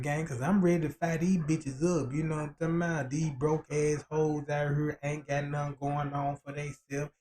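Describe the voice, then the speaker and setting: Profane high-voiced man ranting. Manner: crude, profane, slangy storytelling with acted quotes; keeps asking "you know what I'm talking about". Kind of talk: casual livestream rant.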